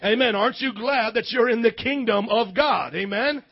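A male pastor preaching a sermon, animated and leading call-and-response with his congregation. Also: very high voice, moderate pace, lo-fi sound.

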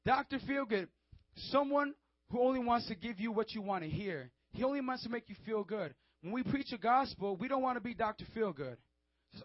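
A man with a high voice preaches a fervent sermon, pressing his points and calling out to the young crowd. The sound is dry and a little dull, with no room echo and muted highs. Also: animated, a little fast. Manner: fervent, emphatic, calls out to listeners.

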